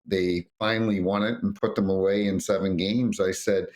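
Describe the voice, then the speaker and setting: A middle-aged man, a former referee, telling lively anecdotes in an interview and acting out what others said. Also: low voice, moderate pace, few pauses. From North America. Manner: animated anecdotes, acts out quotes. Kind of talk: storytelling interview.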